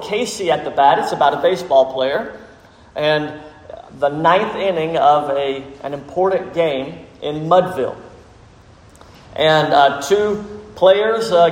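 A man preaching a sermon as pastor, telling a story with measured, dramatic emphasis. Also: fairly high pitch. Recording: echoey hall with long reverb.

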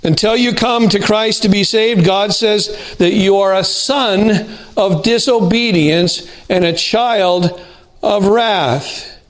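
A man preaching a sermon to his congregation, earnest and deliberate, slowing down to stress key words. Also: high voice. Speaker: pastor.

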